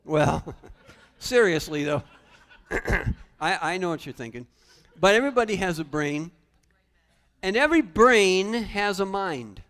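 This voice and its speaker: A male pastor preaching a sermon in a church sanctuary, animated, with humorous asides. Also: high-pitched, measured pace, long pauses. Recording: long church reverb.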